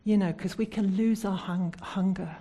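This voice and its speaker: This UK woman delivers a sermon with a steady, mid-range voice carrying a breathy edge, at a moderate pace. She asks the congregation earnest, probing questions and softens into a prayerful tone when leading them in prayer.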